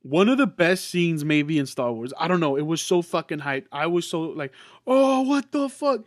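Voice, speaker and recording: A man with a fairly high voice talks through a movie review in an excitable, loose way. He swears freely and stumbles over restarts. The sound is close and dry, with no room echo. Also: moderate pace. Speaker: podcast host reviewing a film. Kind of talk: casual spoken movie review.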